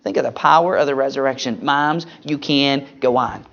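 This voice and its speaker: A preacher giving an earnest Mother's Day sermon and prayer, quoting scripture slowly and stressing single words. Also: creaky. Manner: earnest, swings between emphatic rises and soft low drops. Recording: dull lo-fi recording.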